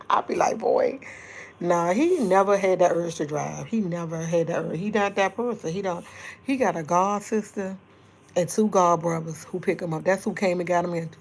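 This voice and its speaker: Chatty middle-aged woman, low voice. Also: moderate pace. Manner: chatty, rambling, laughs often; speaking softly at times to keep quiet. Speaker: livestream host. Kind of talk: casual livestream chat with viewers.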